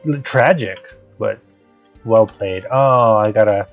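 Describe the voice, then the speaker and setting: A man's voice: on the low side, slow pace. A man giving casual, rambling commentary while he plays a game, hesitant and full of restarts. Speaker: let's play streamer. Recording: dull lo-fi stream audio, faint guitar music.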